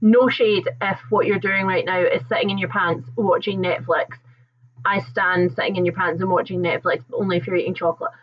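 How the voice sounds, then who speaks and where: A woman's voice: lowish voice, fairly even intonation, fairly quick, dull audio, a little hiss or hum. A young woman hosting a casual live chat, telling stories in a rambling, chatty way and laughing often. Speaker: livestream host.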